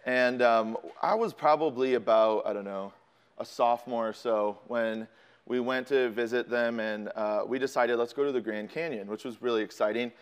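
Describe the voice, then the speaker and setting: A man's voice: medium pitch, normal speed, clear, resonant tone. A man in his thirties from Chicago, a student pastor, telling a casual, self-deprecating story to a congregation with frequent ums. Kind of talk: storytelling sermon.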